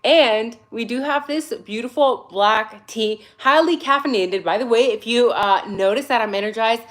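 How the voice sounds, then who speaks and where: A woman's voice: on the high side, moderate pace, fairly bright tone. Sassy, chatty woman in her forties. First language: not English. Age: 40s. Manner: chatty, sassy, greets viewers by name. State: tired but caffeinated. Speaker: livestream host. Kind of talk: casual livestream chat. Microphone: phone.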